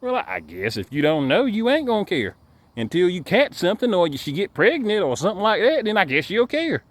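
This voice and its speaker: Emphatic ranting man, higher voice. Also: huge pitch swings, fairly quick, no room sound. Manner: repetitive, emphatic, stumbles over repeated words. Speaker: dog breeder vlogger. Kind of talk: casual ranting monologue.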